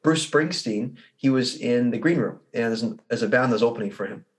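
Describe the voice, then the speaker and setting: Guy coach on a podcast, middle pitch, animated storyteller, acts out the people in his stories. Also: a little fast. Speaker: results coach, podcast guest. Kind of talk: conversational interview.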